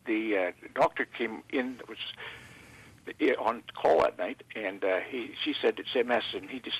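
A man from Canada, a guest in an interview, speaking haltingly with many fillers and restarts. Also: lowish voice, breathy edge, rough recording.

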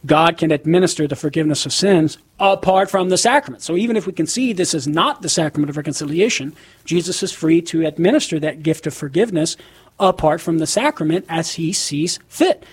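A man with a slightly raised, husky voice who lays out ideas step by step. He speaks calmly and precisely, as an invited expert. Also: on the high side. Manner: measured, articulate, explanatory. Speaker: guest apologist. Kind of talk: explaining doctrine.

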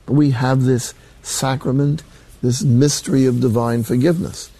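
A man's voice: medium pitch, steady tone, normal speed, dark tone, no room sound. An older man, a Catholic priest, preaching a sermon in a folksy, emphatic way with colloquial asides.

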